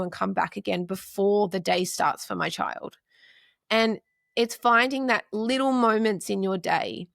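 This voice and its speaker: Earnest woman with vocal fry. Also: medium pitch, dry recording, studio quality. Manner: earnest, talks in long lists of short phrases. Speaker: podcast guest, mother and counselor. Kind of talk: casual interview chat.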